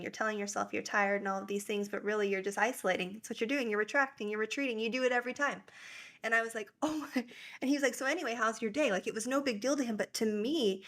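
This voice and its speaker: An earnest young woman talks through her story as a podcast guest, in a voice sitting at an ordinary middle pitch. She is reflective and open, and she shifts easily into quoting other people as she goes. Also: fairly bright tone. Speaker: guest, breathwork facilitator. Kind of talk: conversational interview.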